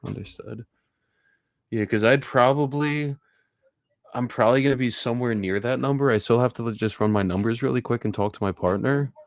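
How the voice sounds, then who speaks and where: A man making an offer on a property by phone, polite and brisk, asking one follow-up question after another. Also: mid-range voice, no room sound, clean studio sound. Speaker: real estate investor making offers. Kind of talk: live-streamed phone negotiation.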